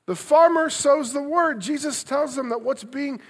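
A male pastor preaching a sermon, earnest and expressive, moving between loud emphasis and soft, tender passages. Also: very high-pitched, unhurried.

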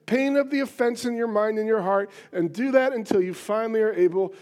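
Male preacher with a high voice, earnest and emphatic, teaching a sermon. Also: a little fast, a little mellow. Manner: earnest and emphatic, repeats phrases for stress. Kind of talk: sermon teaching from a Bible passage.

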